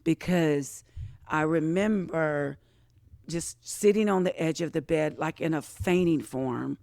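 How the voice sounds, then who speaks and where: A woman's voice: sits low, slow, creaky, a little mellow, no room sound, studio quality. A woman guest on a podcast, telling a personal story with feeling, repeating phrases and acting out what others said. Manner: emotional, repeats phrases, acts out quoted voices.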